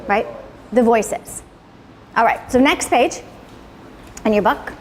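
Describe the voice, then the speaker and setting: With a slightly high voice, a woman takes her time and leaves long pauses as she leads a motivational class in front of a live salon audience. The space sounds like a large hall with slight background noise, and her casual, profane bluntness comes with a steady stream of "right?"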